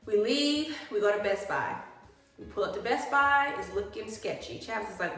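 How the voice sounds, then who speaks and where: A young woman telling a chatty storytime vlog, animated and acting out the people in her story. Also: mid-range voice, moderate pace, soft background music. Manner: animated, acts out quoted people. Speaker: vlogger. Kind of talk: chatty storytime while doing skincare. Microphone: phone. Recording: very echoey room.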